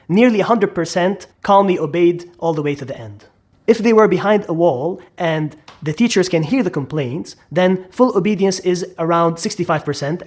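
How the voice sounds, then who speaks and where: A man with a fairly high-pitched voice presents a psychology lesson. He narrates dramatically and keeps putting questions to the listener. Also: a little mellow, slightly rough. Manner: dramatic, asks the listener questions, acts out quotes. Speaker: psychology lecturer. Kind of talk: explainer video narration.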